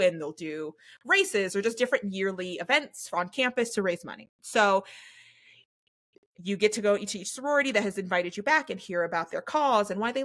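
A young adult woman hosting a podcast in casual chat, telling stories with lively acted-out quotes and frequent laughter. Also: medium pitch. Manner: animated storyteller acting out quotes, laughs often. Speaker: podcast host.

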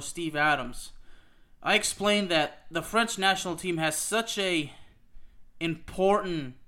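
High-voiced man ranting emphatically. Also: a bit bright. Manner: emphatic, repeats "okay?" and "you know what?", swears. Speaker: podcast host. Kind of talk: soccer opinion podcast rant.

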